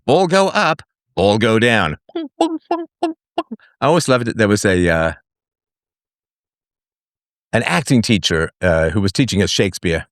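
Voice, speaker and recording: A male host talks through a solo live broadcast, his pitch leaping widely from phrase to phrase. He reads off numbers and drops sarcastic, mocking jokes as he goes. The sound is dry and close, with no room behind it. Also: no echo. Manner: jokey asides between figures read out. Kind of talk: solo livestream monologue.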